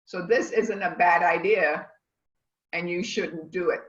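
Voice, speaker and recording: A woman with a fairly low, unhurried voice runs a culinary class as an online lecture on a video call. Her delivery rambles and stresses points like a teacher's, and the audio is lo-fi, echoey and dull.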